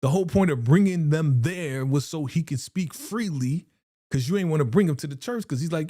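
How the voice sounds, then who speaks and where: A man chats on a live reaction stream, with slang, repeated phrases and frequent sighs. His pitch swings widely as he talks. The sound is close and dry, with no room echo. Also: lively intonation, fairly quick, dark tone. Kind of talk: casual live reaction chat.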